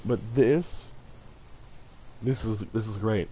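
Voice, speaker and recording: Earnest low-voiced male streamer. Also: slow pace, pauses often, warm tone, slight background noise, low-quality recording. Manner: earnest, heartfelt, rambling with many fillers. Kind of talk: casual livestream chat while gaming.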